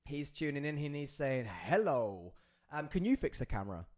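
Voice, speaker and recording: A man's voice: a little high, expressive, quick pace, darkish tone. Rambling jokey man hosting live. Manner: rambling, jokey, breaks off to talk to crew. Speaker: podcast host. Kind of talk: live podcast chat.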